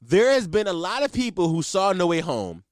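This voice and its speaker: A man with a fairly high voice talks through a movie in a casual podcast chat. His pitch swings all over as he gets emphatic, sprinkling in fillers and swearing. The sound is close and dry. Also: big pitch swings, normal speed, no room sound. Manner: loose and emphatic, heavy on "like" and profanity. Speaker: podcast host.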